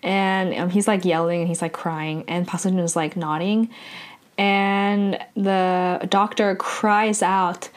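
A woman at an ordinary middle pitch, retelling a drama episode in a relaxed, chatty way. She leans on "like" and other fillers and corrects herself mid-sentence as she goes. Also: slow pace. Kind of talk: casual spoken recap.

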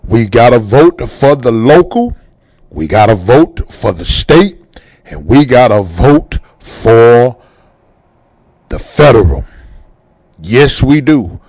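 A man's voice: mid-range voice, big pitch swings, slow pace, pauses often, a little mellow, no room sound. A man hosting a radio talk show, speaking in a fervent preaching style and repeating phrases for emphasis.

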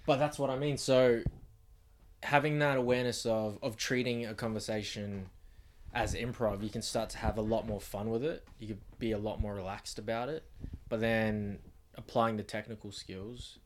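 Aussie guy on a chill podcast, lowish voice, talks you through stuff. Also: normal speed, a little hiss or hum. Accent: Australian. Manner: explains ideas step by step, relaxed and loose. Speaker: podcast co-host. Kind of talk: casual podcast chat. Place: home bedroom.

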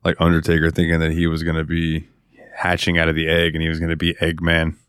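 Male podcast co-host, very low pitch, dry close sound, relaxed casual chat. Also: fast talker, smooth, dry recording.

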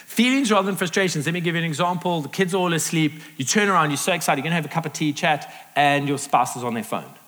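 A middle-aged man preaching a sermon to a live audience, lively and acting out the voices he quotes. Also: fairly high pitch, fast talker, hardly any pauses. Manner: animated, acts out quoted voices. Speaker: pastor. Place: large hall with audience. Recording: reverberant hall.

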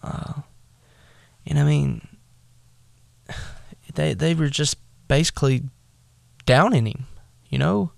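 A man leads a casual bible lesson in unhurried, halting speech. He fills his pauses with ums and uhs. His voice is deeply gravelly and sounds dry, right up on the mic. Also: a little mellow, no echo. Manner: casual, halting, with many fillers. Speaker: bible study teacher. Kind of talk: bible lesson, retelling scripture.

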